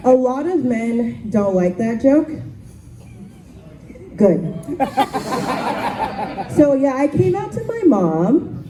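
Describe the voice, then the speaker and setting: A young woman of Haitian background doing a casual, deadpan stand-up set, full of "um" and "like," on a comedy club stage. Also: a little high. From Haitian family. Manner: casual, deadpan, lots of ums and likes. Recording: echoey club from far off.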